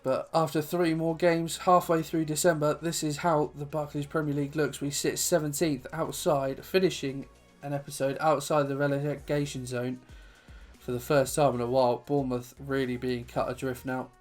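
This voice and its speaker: A man's voice: fairly high pitch, little pitch movement, normal speed, faint music behind. A young man commentating his own football video game match as a channel host, then recapping the standings and signing off while out of breath.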